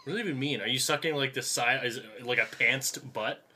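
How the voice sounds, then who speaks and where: Male co-host, bright and fast, teasing banter over faint background noise. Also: mid-range voice. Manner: goofy, teasing, rambling. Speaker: podcast co-host. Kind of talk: casual chat.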